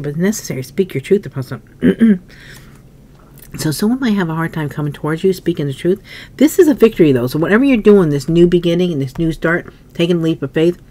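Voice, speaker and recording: A woman with a fairly low voice talks through a tarot spread, thinking aloud and pausing to cough or clear her throat. A faint hiss sits under the recording. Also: darkish tone. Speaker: tarot reader. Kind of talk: casual tarot reading.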